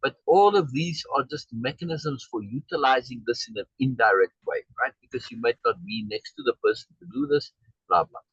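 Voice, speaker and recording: A man's voice: mid-range voice, very animated, a little fast, a bit bright, slightly rough, no room sound, dull audio. A man telling a rambling personal story in a casual online meeting, with many asides and "right?" checks. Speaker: discussion group member. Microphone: video call.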